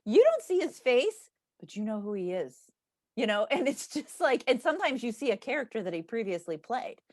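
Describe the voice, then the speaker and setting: A woman's voice: fairly high pitch, sing-song, brisk, darkish tone, no echo, clean studio sound. A woman co-hosting a book club, chatting casually, laughing often and trailing off mid-sentence. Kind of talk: casual chat.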